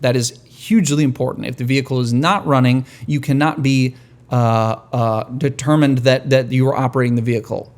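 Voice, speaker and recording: A man hosting a podcast in a casual monologue, rambling and profane with wry, dark humor. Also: mid-range voice, fairly even intonation, fairly quick. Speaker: podcast host.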